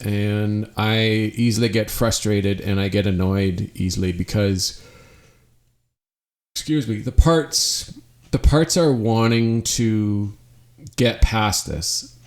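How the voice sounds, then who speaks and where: Man, middle-aged, low pitch, earnest solo podcast talk, reflective, restarts phrases. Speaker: podcast host.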